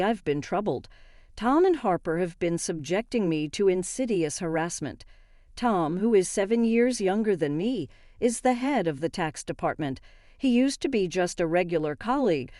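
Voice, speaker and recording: A woman reading a first-person story aloud in a steady, even manner. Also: on the low side, no echo, studio quality. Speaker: narrator.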